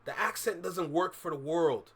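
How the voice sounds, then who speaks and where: A man's voice: fairly high pitch, normal speed, fairly bright tone, husky. A man with a Toronto accent, hosting a reaction video and giving emphatic, opinionated commentary that repeats its points. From Canada. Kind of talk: casual commentary over a clip.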